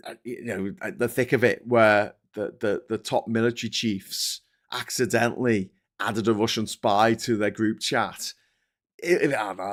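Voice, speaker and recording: A middle-aged man with an English accent hosting a casual live-stream, chatty and restless, laughing often as he mocks trolls and critics. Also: fairly low pitch. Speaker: host.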